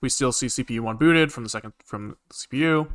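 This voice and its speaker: A man's voice: medium pitch, quick pace, a bit bright. A man streaming live coding, rambling casually with lots of fillers and the odd swear as he thinks aloud. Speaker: programming streamer.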